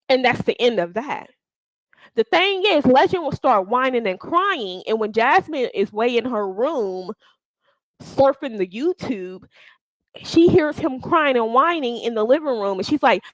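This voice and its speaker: Woman, reaction host, blunt, cussing, scolding, high lively voice, dry sound. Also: unhurried, dry recording, poor audio. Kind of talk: casual reaction commentary.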